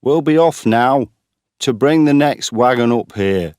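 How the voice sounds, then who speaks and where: A man doing a brisk farmer father. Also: medium pitch, expressive, a little mellow, no echo, clean studio sound, pitched above the performer's own voice, lightly acted. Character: middle-aged farmer father, brisk and in charge.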